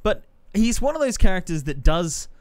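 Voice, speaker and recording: Podcast guy, kinda high voice, dry close sound, chatty, acts out movie bits. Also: normal speed, clean tone, dry recording. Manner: animated, retells scenes in acted-out quotes. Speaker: podcast co-host. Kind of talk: casual film discussion.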